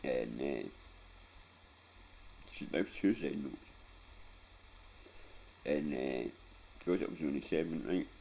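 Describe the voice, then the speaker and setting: A man's voice: a bass voice, slow pace, gravelly, pauses often, dark tone, slight background noise. A Scottish man in his forties telling a painful personal story in a rambling, sweary way, close to tears and often tagging on "right?". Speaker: vlogger.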